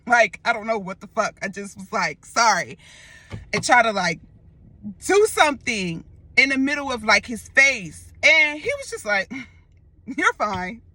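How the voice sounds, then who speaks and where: A young woman casually retelling a dream in a vlog, expressive and loose, full of slang and swearing. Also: fairly high pitch, unhurried. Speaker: storyteller vlogger.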